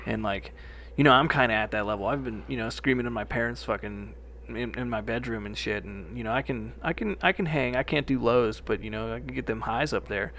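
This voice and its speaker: A man's voice: mid-range voice, a little fast, a bit bright, slight background noise. A young man co-hosting a podcast, telling loose stories full of swearing and quoted voices in casual chat. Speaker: podcast co-host.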